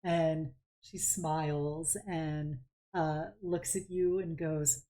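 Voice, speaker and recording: A woman's voice: low voice, little pitch movement, drawn-out words, hardly any pauses, warm tone. A woman narrating as game master of a tabletop game, describing scenes in a rambling way with many fillers.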